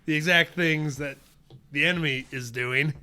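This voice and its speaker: A man co-hosting a casual podcast, animated and laughing often as he reads his notes aloud. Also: a little high, moderate pace. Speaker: podcast co-host. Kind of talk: casual chat.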